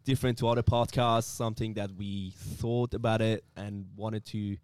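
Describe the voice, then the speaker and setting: Friendly Iranian-born man, smooth voice. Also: lowish voice, steady tone, moderate pace, a little mellow, dry recording. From Iran. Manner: friendly, laughs easily, restarts words. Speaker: podcast co-host. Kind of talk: casual chat.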